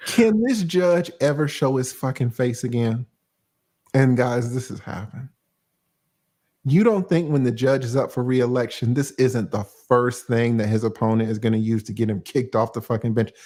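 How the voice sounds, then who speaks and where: A man hosting a casual livestream, breaking down legal cases in a blunt, profane way and acting out judges in quick asides. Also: medium pitch, mellow. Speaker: livestream host, lawyer.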